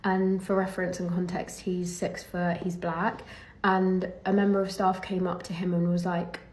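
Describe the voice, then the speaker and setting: Young english woman, pro golfer, venting casually to her phone, lowish voice. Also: flat delivery, fairly quick, darkish tone. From England. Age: young adult. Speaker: professional golfer. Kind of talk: casual vlog rant to camera.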